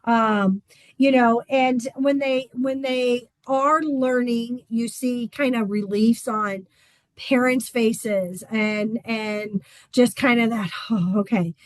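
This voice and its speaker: A woman swim instructor talks casually in a fairly high voice, pausing often with "um" as she explains. The sound is dry and close, with no room echo. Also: steady tone. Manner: chatty, with frequent "um" fillers. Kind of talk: casual informational talk.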